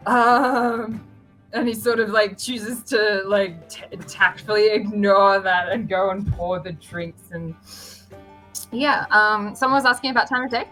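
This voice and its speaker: A woman's voice: mid-range voice, fairly even intonation, a little slow, a bit bright, faint music behind, low-quality recording. A woman narrating as dungeon master of a tabletop game, with many fillers and restarts.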